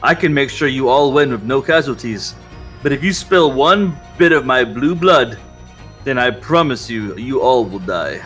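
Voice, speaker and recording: A man plays a cold, scheming rich villain who makes quiet threats in a low, bright-edged voice during an online tabletop game. There is faint music behind him. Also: animated, moderate pace, lightly acted. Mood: menacing. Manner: clipped, menacing, threatening.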